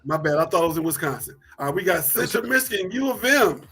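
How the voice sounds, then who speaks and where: A man's voice: sits high, expressive, quick pace, fairly bright tone, breathy edge. A man co-hosting a casual sports talk show, loose and repetitive, laughing easily as he talks picks.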